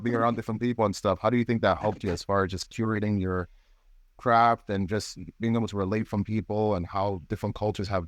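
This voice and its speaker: A man's voice: fairly low pitch, dry recording. Brief: male podcast host, laid-back and teasing, dry close mic. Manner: playful, teasingly argumentative. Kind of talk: casual podcast chat.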